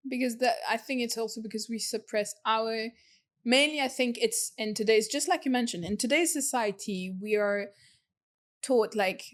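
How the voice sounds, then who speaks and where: A woman with a fairly high voice hosts a casual podcast conversation. She speaks in an open, personal and thoughtful way. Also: moderate pace. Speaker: podcast host.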